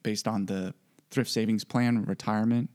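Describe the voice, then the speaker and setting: A man's voice: lowish voice, fairly even intonation, normal speed, a little mellow. A man working as a financial coach for military members, explaining investing in a casual teaching style and often checking in with "right?". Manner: conversational, checks in with frequent "right?".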